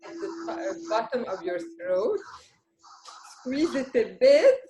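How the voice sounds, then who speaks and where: A woman's voice: on the high side, sing-song, a little slow, music in the background. A woman from Lebanon, teaching a beginner Arabic lesson and checking in patiently with her learners. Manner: patient and encouraging, checks in with "okay?" constantly. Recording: roomy room with faint noise.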